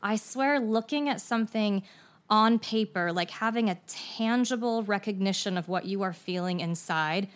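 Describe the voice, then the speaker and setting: A woman's voice: mid-range voice, moderate pace. A woman who is a guest actress on a podcast, chatting casually and earnestly, rambling with lots of "like.". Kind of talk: casual chat.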